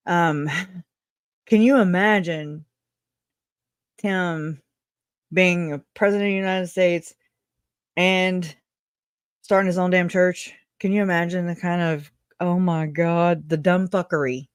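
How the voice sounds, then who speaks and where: Reaction commentator, mid pitch, mocking, blunt, dry recording. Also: steady tone, slow pace, long pauses, smooth, no echo. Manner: mocking, blunt, swears freely.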